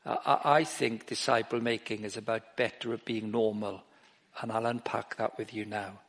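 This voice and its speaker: A middle-aged man preaching an informal sermon, breaking off and restarting his sentences and growing animated as he tells stories. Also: lowish voice, moderate pace. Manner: informal, self-interrupting, grows animated while telling stories. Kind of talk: sermon with anecdotes. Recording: long reverb of a large hall.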